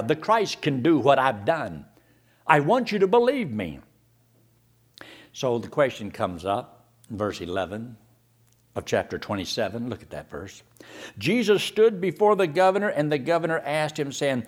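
Lively questioning male preacher. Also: a little high. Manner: asks rapid rhetorical questions, reads scripture aloud. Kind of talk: sermon.

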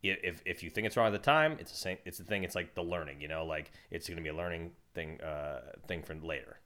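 A man's voice: deep voice, quick pace, bright, forceful tone. A young father in casual podcast chat, easygoing and rambling, often restarting his sentences. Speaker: co-host, father.

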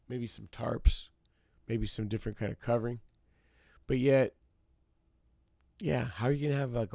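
Male podcast host, gravelly mid-pitched voice, chatty ranting storyteller who addresses the audience directly. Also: warm tone, no echo, clean studio sound. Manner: ranting storyteller, repeats himself for emphasis; talks straight to listeners as y'all. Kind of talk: casual solo podcast rant.

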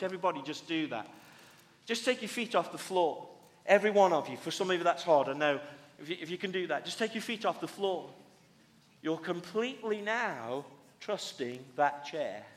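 A man's voice: high-pitched, a bit bright. A man, a pastor preaching a conversational sermon with restarts and light humorous asides. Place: church hall. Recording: long reverb of a church hall.

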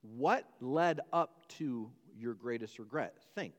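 A man's voice: medium pitch, animated, slow. A man preaching a sermon as pastor, emphatic and repetitive, often restarting his phrases. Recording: long hall reverb.

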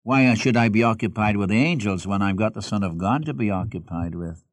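A man's voice: fairly low pitch, brisk, no room sound. Dry-voiced man preaching. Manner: reads scripture aloud, then questions listeners directly. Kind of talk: expository sermon.

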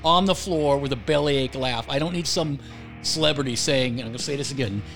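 A male podcast host in casual chat, talking in an animated way with many repeated words and restarts. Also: medium pitch, a little fast, faint music behind. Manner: animated, repetitive, stumbling restarts.

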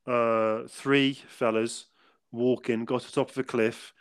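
A man's voice: medium pitch, little pitch movement, unhurried, smooth. A man, co-hosting a podcast in an upbeat casual chat. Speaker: podcast co-host.

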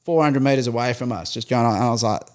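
A man's voice: medium pitch, quick pace. A man telling a long story in casual chat, rambling and peppering his talk with fillers. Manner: rambling, heavy use of filler "like".

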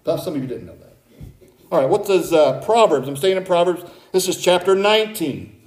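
A man delivers a sermon in a slightly high voice, conversational and direct with the congregation. He swings between loud, emphatic points and quiet, low asides. The room is echoey and roomy. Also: expressive, brisk. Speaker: preacher.

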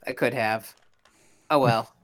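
A young man co-hosting a casual podcast, talking in a halting, self-interrupting way. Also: mid-range voice, steady tone. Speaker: podcast co-host. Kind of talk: casual chat.

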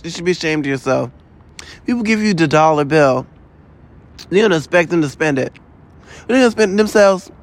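A man with a fairly high voice delivers a rambling solo podcast monologue. He rants in a loose, profane, exasperated way, stacking asides as he goes. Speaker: podcast host.

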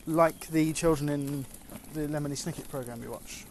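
A woman's voice: deep voice, moderate pace. Woman chatting on an outdoor walk. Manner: patient, lightly teasing, often hushing. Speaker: parent. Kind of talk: casual chat with children. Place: road, outdoors. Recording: outdoor recording with clear background noise.

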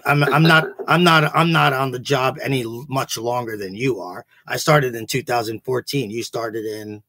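A man's voice: medium pitch, normal speed, pushed and bright, no echo. A man hosting a podcast, a teacher talking in a rambling, profane, casual way with many restarts. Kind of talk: casual chat.

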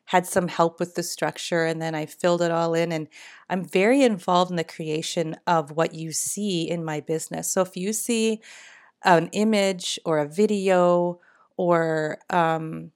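A woman's voice: on the low side, fairly even intonation, unhurried. A middle-aged woman, hosting a casual solo podcast in her morning voice, chatty and rambling with frequent laughs. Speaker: podcast host.

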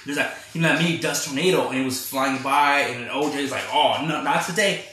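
A man hosting a casual film review chat, retelling scenes in a rambling, animated way with quoted reactions. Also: medium pitch, quick pace, slight background noise. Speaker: podcast host. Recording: echoey room.

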